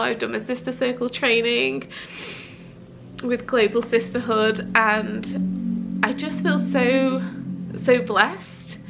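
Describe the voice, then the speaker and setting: A woman's voice: fairly high pitch, vocal fry, a bit bright. A woman sharing a personal vlog in a hesitant, earnest way, often searching for her words. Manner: earnest and heartfelt. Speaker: vlogger.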